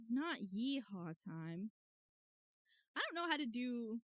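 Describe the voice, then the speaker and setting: A woman's voice: fairly high pitch, sing-song, takes it slowly, long pauses, background noise. A woman streamer chatting casually and giggling while reading a game aloud.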